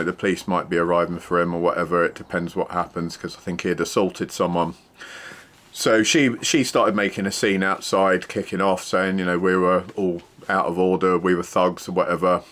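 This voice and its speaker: A middle-aged man recounts his old security days. His voice sits very low and deep. He talks in a plain, matter-of-fact way, rambling along with "uh" and "you know". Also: a bit bright. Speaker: former security worker. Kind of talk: casual storytelling.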